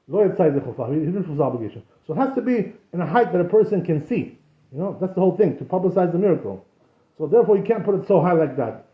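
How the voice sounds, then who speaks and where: A man, a rabbi, giving an informal Torah class in a conversational way, often saying "you know" and using Hebrew terms. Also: a little high. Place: synagogue. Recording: echoey room, dull lo-fi sound.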